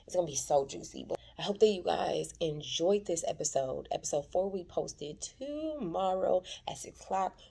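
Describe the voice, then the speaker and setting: A woman's voice: fairly low pitch, lively intonation, moderate pace, vocal fry, few pauses, warm tone, breathy edge. A woman chattily retelling a TV episode in a dramatic recap, recording from her workplace. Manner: chatty, dramatic retelling, calls listeners "child". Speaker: TV recap vlogger.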